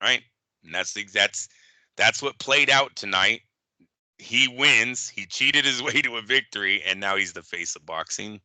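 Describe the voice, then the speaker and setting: A man's voice: fairly low pitch, measured pace, sharp tone, no echo. A man co-hosting a casual boxing talk show, telling stories animatedly, swearing freely and mimicking people. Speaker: podcast co-host. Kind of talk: casual chat.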